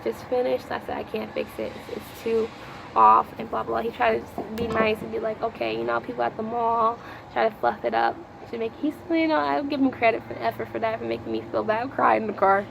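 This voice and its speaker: A woman with a gravelly voice tells a personal story in a loose, rambling vlog. She repeats herself and breaks off to speak to the Lord. Clear background noise runs under the recording. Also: fairly high pitch. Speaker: vlogger.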